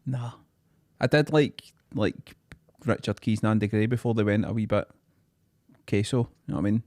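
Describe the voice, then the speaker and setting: A man's voice: fairly low pitch, normal speed, a little mellow, no echo, clean studio sound. A man with a Glaswegian accent, co-hosting a podcast in laid-back, wry and sweary casual banter. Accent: Scottish, Glaswegian. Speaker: podcast co-host.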